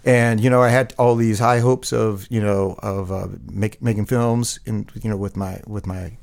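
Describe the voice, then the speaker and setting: Gravelly low-voiced man, rambling. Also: fairly even intonation, moderate pace, darkish tone. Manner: rambling, full of fillers and restarts. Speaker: guest. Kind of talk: casual interview conversation.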